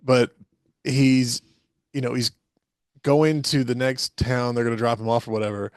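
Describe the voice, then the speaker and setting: A man's voice: medium pitch, fairly even intonation, moderate pace, smooth, no echo, studio quality. A man co-hosting a podcast in loose, joking casual chat, laughing often as he talks. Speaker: podcast co-host.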